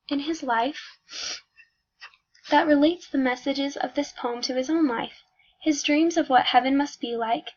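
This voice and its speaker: A woman reading a prepared music analysis aloud, careful and measured, with small slips. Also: high voice, gravelly. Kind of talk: read academic music analysis. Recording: dull lo-fi recording.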